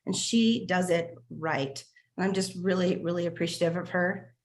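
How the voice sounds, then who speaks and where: A woman's voice: on the low side, fairly even intonation, normal speed. A woman hosting a casual group video call, gushing over members, laughing often and restarting her sentences.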